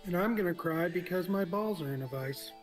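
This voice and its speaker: A man co-hosting a live stream, teasing his friend with deadpan jabs. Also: sits high, a little fast, faint music behind. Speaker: co-host. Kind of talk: casual live-stream banter.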